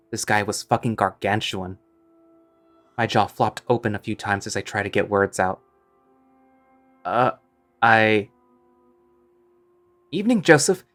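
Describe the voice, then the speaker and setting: Man, low voice, story narration, wry, conversational, faint music. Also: fairly bright tone. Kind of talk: first-person story narration.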